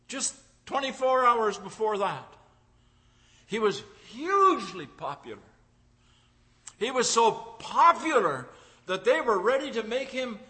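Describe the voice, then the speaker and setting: A man's voice: very high-pitched, bright, forceful tone. A man preaching a sermon, driving his points home through repeated phrases and acting out the voices of the crowd. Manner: acts out crowd voices in quotes.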